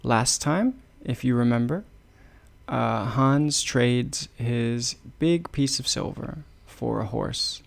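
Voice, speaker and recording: A man's voice: mid-range voice, gravelly. A man teaching English by reading a fairy tale, patiently repeating phrases and explaining words. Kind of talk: slow storytelling lesson for learners.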